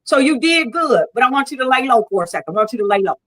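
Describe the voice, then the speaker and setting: A woman's voice: fairly high pitch, lively intonation, fast, a bit bright, poor audio. A woman in a heated debate, arguing in a combative, preachy way and leaning on scripture. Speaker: debate guest.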